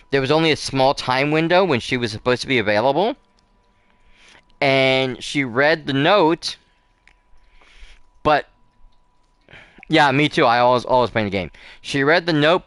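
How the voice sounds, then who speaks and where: Host, male, casual gameplay chatter, rambling with fillers, smooth resonant voice. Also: mid-range voice, a bit bright, dry recording. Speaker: gaming channel host. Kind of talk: casual let's play commentary.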